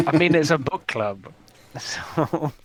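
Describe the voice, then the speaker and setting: A man playing in an online tabletop game, talking in a relaxed, hesitant way. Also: fairly high pitch, slow, crowd noise. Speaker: player. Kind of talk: casual chat in a tabletop game.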